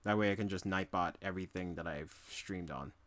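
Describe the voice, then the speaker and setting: A man's voice: low voice, fairly quick, a bit bright. A young man from New York City chatting casually during a live drawing stream, rambling and humming to himself between remarks.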